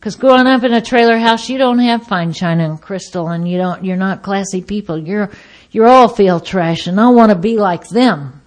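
Woman giving a personal testimony, mid pitch, vivid storyteller who acts out quotes, swings loud to hushed. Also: moderate pace. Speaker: speaker sharing her recovery story.

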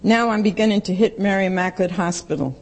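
A woman's voice: mid-range voice, fast talker, poor audio. A woman giving a blunt, emphatic personal testimony to a recovery meeting and repeating lines for stress.

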